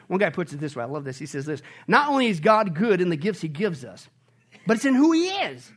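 Emphatic high-voiced preacher man. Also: very animated, fairly quick. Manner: emphatic, repeats phrases, rises to shouting and drops to hushed tones; asks the congregation rhetorical questions. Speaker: pastor. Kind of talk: sermon.

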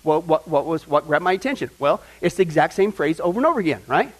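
A man's voice: on the high side, fast talker, husky, low-quality recording. A man teaching a Bible study in a conversational, emphatic way, often checking in with "right?" and "okay?". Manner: emphatic, builds to excited points.

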